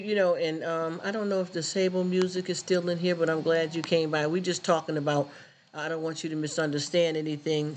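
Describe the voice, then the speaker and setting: Casting: man, live stream host, blunt and animated, high voice, street slang. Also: slight background noise. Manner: animated, blunt street talk, repeats words. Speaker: livestream host. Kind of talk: casual live stream chat.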